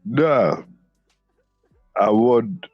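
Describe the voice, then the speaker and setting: A man's voice: mid-range voice, extremely slow, no room sound, dull audio, soft background music. A man impersonating a boastful, arrogant former basketball star in a comedic rant, swearing and stumbling over repeated restarts. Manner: profane bragging, stammered restarts.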